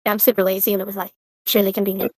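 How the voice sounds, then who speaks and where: A woman with a mid-range, mellow voice and a level tone talks fast over a dry recording. She's a player in an online tabletop game, chatting casually on a call as she works through her turn, hesitant and full of fillers.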